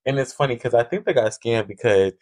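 A man's voice: mid-range voice, fast, darkish tone. A young man co-hosting a podcast, telling stories in loose, profane chat and laughing often. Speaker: podcast co-host. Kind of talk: casual chat.

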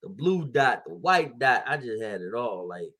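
A man's voice: medium pitch, big pitch swings, normal speed, a bit bright. A young man in his twenties co-hosting a podcast, telling stories in a laid-back, slangy way and laughing often. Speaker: podcast co-host. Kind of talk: casual chat.

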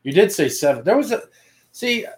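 A man's voice: sits high, big pitch swings, normal speed. A man co-hosting a paranormal podcast, chatting casually and filling in and correcting details of the night. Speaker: paranormal investigation podcast co-host. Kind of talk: casual recap chat.

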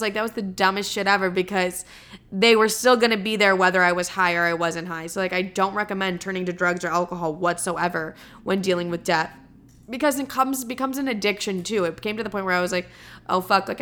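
A woman's voice: medium pitch, a bit bright. A young woman vlogger speaking candidly to her viewers, casual and full of filler words and swearing. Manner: casual, swears often, heavy use of "like". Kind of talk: candid personal storytelling to camera.

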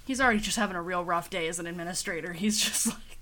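A woman's voice: on the low side, fast, sharp tone. A woman co-hosting a podcast who recaps plot events in wry storytelling and quotes the characters as she goes. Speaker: podcast co-host. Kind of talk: casual chat recapping a TV episode.

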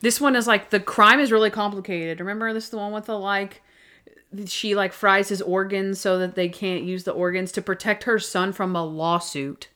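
A woman's voice: medium pitch, fairly even intonation, normal speed, bright, forceful tone, clear, resonant tone. Young woman, podcast co-host, casual chat, chatty, lots of fillers. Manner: chatty, frequent "like" fillers, laughs at own jokes.

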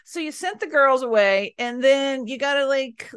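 A woman's voice: high voice, normal speed, a bit bright. A woman hosting an interview, asking questions and reacting with short sympathetic remarks. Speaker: host.

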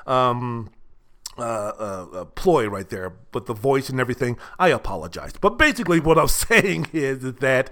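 An older man hosting a solo sports talk show, with a fairly high-pitched voice. He rambles bluntly and profanely, leaning on plenty of fillers as he works through his thoughts. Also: very animated, normal speed, a bit bright. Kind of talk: casual solo sports commentary.

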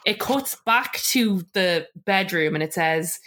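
A woman's voice: lowish voice, measured pace. A woman co-hosting a podcast, chatting casually and acting out quotes with laughter. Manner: animated, acts out quotes with laughter. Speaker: podcast co-host. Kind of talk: casual recap chat.

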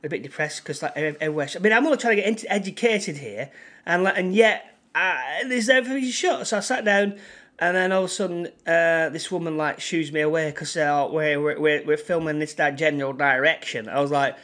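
In casual podcast chat, a Manchester man serving as co-host wanders through a story, often restarting and leaning on fillers. He speaks briskly, with a fairly high pitch and a fairly bright tone.

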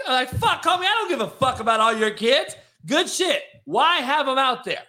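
A man hosting a sports podcast, ranting in a profane, animated, casual way. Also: very high voice, moderate pace, hardly any pauses. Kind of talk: casual chat.

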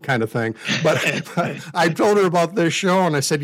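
A man's voice: on the high side, lively intonation, normal speed, hardly any pauses. A man in his fifties from the United States, co-hosting a podcast and talking candidly in a rambling, self-deprecating way with frequent restarts. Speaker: podcast co-host. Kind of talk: casual conversation.

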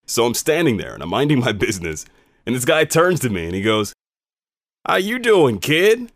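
A man, a radio host, telling a personal story in an animated, conversational, emphatic way. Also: fairly low pitch, quick pace, dry recording, studio quality.

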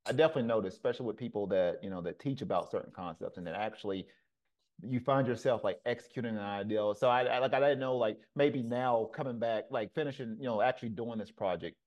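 A man hosts a casual interview and asks his questions haltingly, restarting phrases as he works his way through them. His recording sounds a little dull and lo-fi. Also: lowish voice. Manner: halting, many restarts when asking questions. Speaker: podcast host.

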